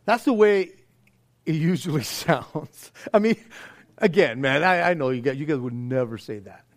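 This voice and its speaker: High-voiced man preaching casually. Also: lively intonation, moderate pace. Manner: casual and earnest, stammering restarts, often acts out quoted voices. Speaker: pastor. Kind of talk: conversational sermon.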